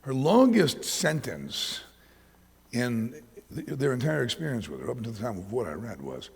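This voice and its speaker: A man preaching a sermon as pastor, telling animated stories about his pets, in a church hall with long reverb. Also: mid-range voice, moderate pace, creaky. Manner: anecdotal, animated storytelling.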